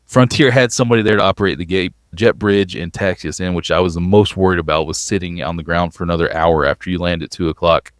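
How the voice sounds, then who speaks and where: A man co-hosting a podcast, telling a long travel story in an animated way and sounding worn out. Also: sits low, fast talker, few pauses, dry recording, clean studio sound. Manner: animated storyteller, acts out quoted voices. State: exhausted after a long travel day. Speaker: podcast co-host.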